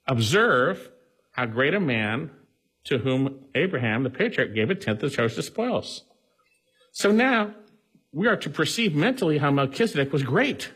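A man's voice: mid-range voice, fairly bright tone, husky, rough recording. A man preaching an expository sermon, emphatic, repeating key words for stress. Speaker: pastor.

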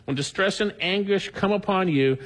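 A man's voice: sits high, moderate pace, big-room sound. A man preaching a sermon, earnestly reading scripture aloud with emphasis. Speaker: pastor.

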